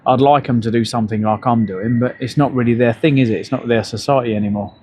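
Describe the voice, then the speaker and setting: Middle-aged male streamer, mid-pitched, sweary, rambling anecdotes, outdoors on a bike ride. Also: steady tone, quick pace, a little mellow, a little hiss or hum. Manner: profane, rambling storyteller. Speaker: livestreamer. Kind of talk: casual live-stream chat.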